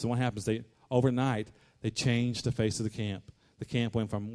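Male pastor, mid-pitched, fervent sermon delivery that repeats lines and swells into loud declarations. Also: steady tone, quick pace, few pauses.

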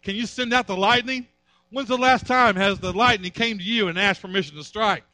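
Brief: commanding almighty deity as a preacher puts him on, high, forceful voice, dry sound. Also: male voice, a little fast, dry recording. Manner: commanding, rhetorical questioning. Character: all-powerful male deity, stern and challenging.

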